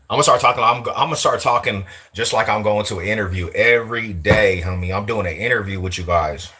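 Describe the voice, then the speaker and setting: Here the young man from Denver, USA, speaks fast with few pauses, his pitch fairly low. Talking to camera as a vlogger in an East Side Denver accent, he stays slangy, animated and loose, laughing often through his casual street talk.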